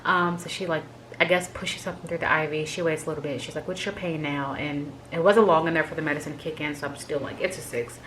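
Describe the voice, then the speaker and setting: Woman vlogger, low voice, chatty candid storyteller, heavy filler "like", faint background noise. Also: fairly even intonation, fast, a bit bright, low-quality recording. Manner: candid and emotional recounting. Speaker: vlogger sharing a health update. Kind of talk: casual personal storytelling.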